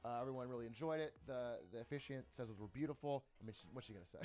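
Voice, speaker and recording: A young man streamer telling a personal story in a casual, animated way, swearing often and laughing between lines. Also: medium pitch, fast talker, soft background music.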